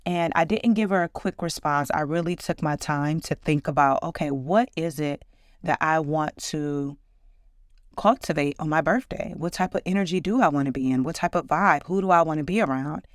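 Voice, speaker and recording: A woman's voice: low voice, normal speed, no room sound, clean studio sound. A woman in her forties hosting a podcast, chatting in an upbeat, reflective way about her own life. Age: 40s. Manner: warm, upbeat, reflective storytelling. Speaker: podcast host. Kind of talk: casual solo podcast chat.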